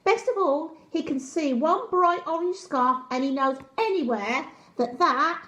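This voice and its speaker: A woman storyteller reading a picture book aloud to young children, gently asking them questions. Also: high-pitched, animated, unhurried. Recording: roomy echo.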